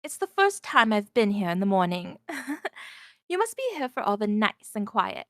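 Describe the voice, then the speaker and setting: A woman reading a visual novel aloud, narrating in the first person and voicing the heroine with a lively, wondering manner. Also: mid-range voice, brisk, no room sound, clean studio sound.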